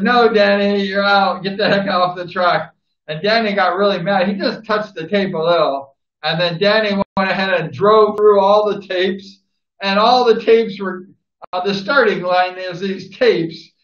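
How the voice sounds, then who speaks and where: A man reminiscing about a speedway rider, rambling and repeating himself with enthusiasm. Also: high voice. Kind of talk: casual spoken tribute. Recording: roomy, dull lo-fi recording.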